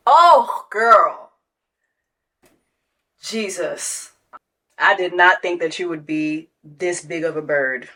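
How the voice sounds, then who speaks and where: A woman's voice: mid-range voice, takes it slowly, bright, forceful tone. A woman, giving a sassy, profane reality TV reaction commentary that mocks its subject and breaks into sung quacking. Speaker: commentary host.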